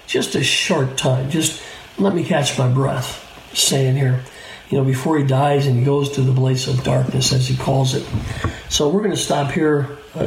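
Man, Bible study leader, gravelly voice, relaxed conversational teaching, echoey room with faint noise. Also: medium pitch. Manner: relaxed, conversational, with fillers and restarts. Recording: roomy echo, faint room noise, poor broadcast.

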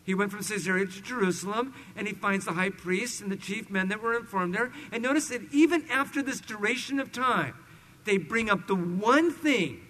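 High-voiced man preaching, animated. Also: normal speed, poor audio. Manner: animated storyteller, swings between loud emphasis and hushed asides. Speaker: pastor. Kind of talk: expository sermon with personal stories.

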